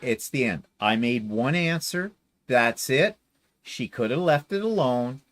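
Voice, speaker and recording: A man's voice: medium pitch, lively intonation, measured pace, a bit bright. A man hosting a quilting livestream, chatting casually and reading viewer comments in a sarcastic, theatrical way. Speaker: quilting channel host.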